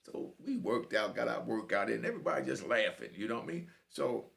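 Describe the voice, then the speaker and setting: A middle-aged man telling a prison story in casual street slang, often adding "you know what I mean" and mimicking high cat meows. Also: expressive, brisk, creaky, fairly bright tone.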